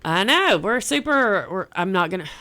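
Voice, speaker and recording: A bubbly young woman talks in a chatty, upbeat way as a radio guest. Her voice is smooth and clear, and she tends to circle back and repeat her words. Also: mid-range voice, sing-song, moderate pace, pushed and bright. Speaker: event organizer guest. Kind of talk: casual radio interview.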